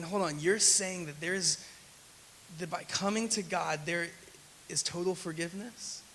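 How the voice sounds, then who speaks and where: A man's voice: fairly high pitch, bright, forceful tone. Brief: male pastor, sermon in a church sanctuary with long reverb, faint hiss, emphatic delivery. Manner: retells scripture with acted quotes, emphatic.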